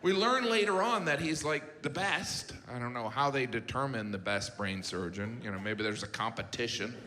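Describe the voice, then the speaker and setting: A middle-aged man performing stand-up comedy on stage, deadpan and self-deprecating. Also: mid-range voice, normal speed, crowd noise. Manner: deadpan, self-deprecating, dips into character voices. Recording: long hall reverb, loud ambience.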